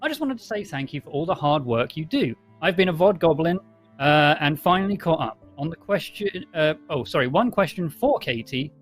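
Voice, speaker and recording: A man's voice: on the high side, very animated, normal speed, faint music behind. A man hosting a live stream, chattily thanking viewers and reading out their donation messages. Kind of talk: casual stream chat.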